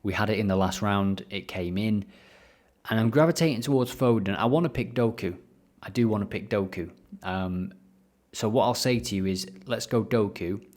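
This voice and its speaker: A man's voice: lowish voice, normal speed, darkish tone. A young man casually talking through football betting picks, thinking aloud with fillers as he clicks through data. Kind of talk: casual screen-share analysis.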